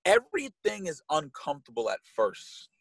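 A man talking in a casual podcast chat, animated and slangy, cursing as he makes his points. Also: moderate pace, gravelly, husky, dry recording, rough recording. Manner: animated, swearing, slangy, jumps into high-pitched imitations.

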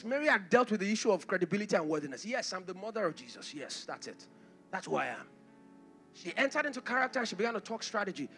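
High-voiced impassioned pastor. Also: male voice, breathy edge. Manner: impassioned preaching, rising to shouts, with acted asides. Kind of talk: sermon.

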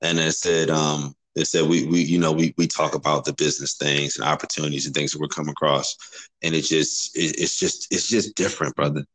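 A man's voice: extremely low pitch, fairly even intonation, a little fast, a bit bright, dry recording, low-quality recording. A man talking earnestly about his faith, often repeating words and calling the other man brother. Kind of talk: casual faith talk.

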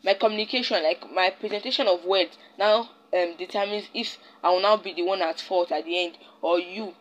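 A woman's voice: fairly low pitch, fairly quick, dull audio. A young Nigerian woman hosting a casual solo podcast, rambling and often stopping to search for her words. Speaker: podcast host.

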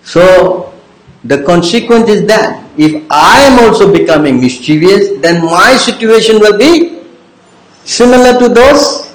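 A man with a high-pitched voice leads a devotional class in an echoey room. He keeps quizzing the listeners, teasing them and repeating his questions until someone answers. His delivery is informal and repetitive. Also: lively intonation, a little slow, a little hiss or hum. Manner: keeps quizzing the audience with "yes? understand?". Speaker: religious teacher.

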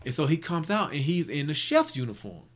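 A man's voice: on the high side, big pitch swings, brisk. A man telling stories from his business life in a rambling, casual way, full of restarts and fillers. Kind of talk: casual storytelling.

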